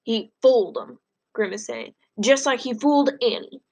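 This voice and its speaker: A woman voicing a stern, protective elderly grandfather who speaks quietly and firmly. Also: fairly high pitch, normal speed, gravelly, slightly rough. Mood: grim, firm. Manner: quiet and firm.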